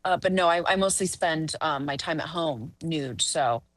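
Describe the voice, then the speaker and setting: A woman's voice: sits low, normal speed, fairly bright tone, dry recording. A woman performing live improv comedy, chatty and full of fillers. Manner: chatty, many fillers and restarts.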